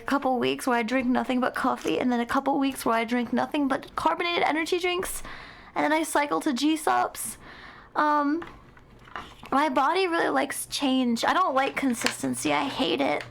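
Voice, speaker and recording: A woman's voice: sits high, moderate pace, creaky, fairly bright tone. A tired young woman streaming from home, chatting casually in a rambling, dramatic mock-complaining way with a sleepy voice. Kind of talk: casual live-stream chat.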